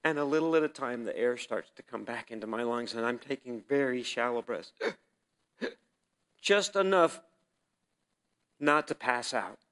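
A man preaching a personal testimony as a sermon, telling the story vividly and swinging between loud and hushed delivery. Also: medium pitch, expressive, moderate pace, clean tone.

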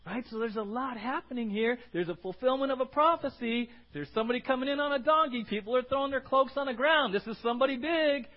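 A man preaching to his congregation in an animated way, often checking in with "right?" and bursting into acted shouts. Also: very high voice, fast talker, hardly any pauses. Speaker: pastor. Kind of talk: sermon. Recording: muffled lo-fi sermon recording.

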